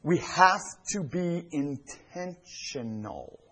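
A middle-aged male pastor preaching a sermon in a church, swinging from loud emphatic lines to hushed near-whispers. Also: a little high, expressive, extremely slow, slightly rough, low-quality recording. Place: church sanctuary.

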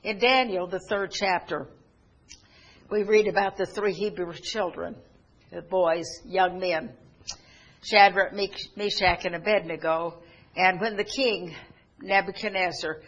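A woman's voice: on the low side, steady tone, measured pace, highs cut off. A middle-aged woman preaching a sermon, telling stories earnestly, with frequent restarts and fillers. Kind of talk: sermon storytelling.

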